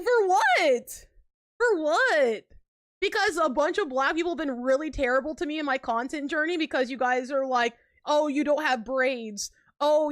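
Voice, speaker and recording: High-voiced young woman streamer. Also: no room sound, studio quality. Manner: animated, slangy, laughs often between lines. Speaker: live streamer. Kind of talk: casual live-stream chat.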